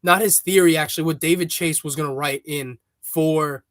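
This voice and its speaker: A man's voice: fairly high pitch, steady tone, moderate pace, a bit bright, no room sound. A man hosting a podcast, recounting scenes in a loose, rambling way with many fillers. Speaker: podcast host. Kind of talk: casual chat.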